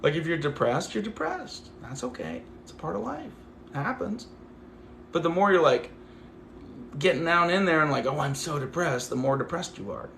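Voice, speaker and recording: A man's voice: fairly high pitch, normal speed, a bit bright, echoey room, a little hiss or hum. A man hosting a casual livestream, talking to his viewers in a rambling, affectionate way full of "like". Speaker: livestream host.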